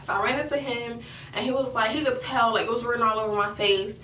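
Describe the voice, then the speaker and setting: A woman's voice: a little high, fairly even intonation, quick pace, sharp tone, echoey room, far from the mic, slight background noise, poor audio. A young woman vlogger telling a personal story in a rambling way, with many fillers and restarts.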